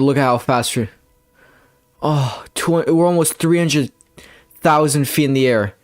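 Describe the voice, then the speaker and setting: A young man giving rambling, playful gameplay commentary, with bursts of excitement when things go his way. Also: fairly high pitch, unhurried, soft background music. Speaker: gamer.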